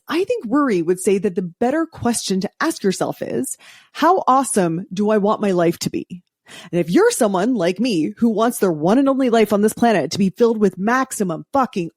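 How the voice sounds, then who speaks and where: A woman's voice: medium pitch, a little mellow, dry recording, clean studio sound. A woman hosting a podcast, introducing her guest in an upbeat, emphatic way. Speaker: podcast host.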